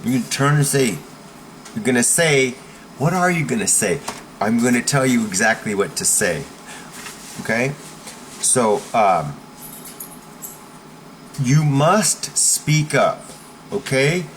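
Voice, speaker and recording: A man's voice: mid-range voice, expressive, takes it slowly, long pauses, a little hiss or hum. A man coaching viewers in a blunt, emphatic talk, often checking in with "okay?". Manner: forceful, blunt instruction. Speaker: self-defense coach.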